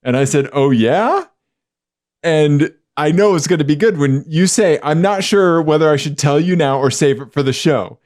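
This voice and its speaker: A man co-hosting a podcast in casual chat, excitable, his voice jumping up high when surprised. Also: moderate pace, few pauses. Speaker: podcast co-host.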